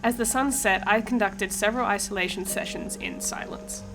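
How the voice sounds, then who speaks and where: A woman of middle pitch narrates a vlog voice-over in a calm, recounting tone. Clear music runs underneath her words. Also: moderate pace, low-quality recording. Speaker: vlogger narrating.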